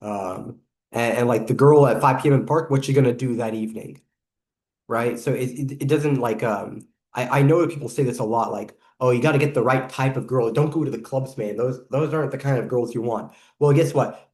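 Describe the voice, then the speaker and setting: A man giving casual reaction commentary on video clips, rambling and pausing, who says saliva builds up when he talks fast. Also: mid-range voice, a little mellow. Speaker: video reviewer.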